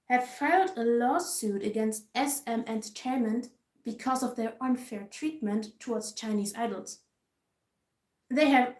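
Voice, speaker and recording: Brief: woman vlogger with a somewhat high voice, venting with frustrated emphasis; roomy, echoey recording. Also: darkish tone. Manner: frustrated, emphatic, repetitive ranting. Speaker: K-pop vlogger. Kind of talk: casual ranting commentary. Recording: roomy echo.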